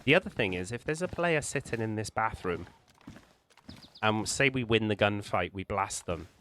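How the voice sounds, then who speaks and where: A man with a fairly low voice narrates a survival game walkthrough in a calm, explanatory way, stopping to restart his sentences now and then. A faint hiss of noise sits under the recording. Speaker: gaming channel host. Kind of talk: gameplay walkthrough commentary.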